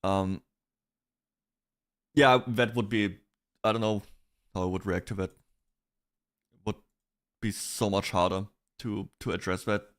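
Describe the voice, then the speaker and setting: A man's voice: on the low side, steady tone, slow, long pauses, fairly bright tone. A man streaming, chatting casually about online drama in a rambling way, with restarts and bursts of laughter.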